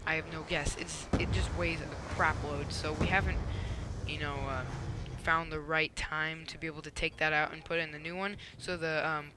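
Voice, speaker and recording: A young man with a fairly high voice rants over his gameplay, rambling and animated, full of fillers and restarts. There is a steady layer of noise behind him on the recording. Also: moderate pace. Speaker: gameplay commentator. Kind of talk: casual gameplay commentary rant.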